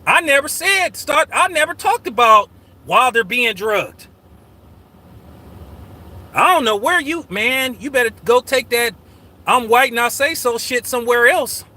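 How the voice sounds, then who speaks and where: A man talks on his livestream in a high, piercingly bright voice. He is profane, slangy and combative, calling out chat and telling his moderators to remove people. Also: expressive, a little slow. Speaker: channel host. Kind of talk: casual livestream talk.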